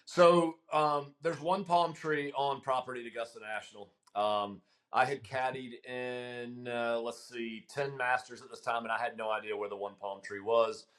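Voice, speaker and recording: A middle-aged man, a guest caddie, telling a long story in casual chat, animated and laughing, with frequent ums. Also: mid-range voice, moderate pace, hardly any pauses.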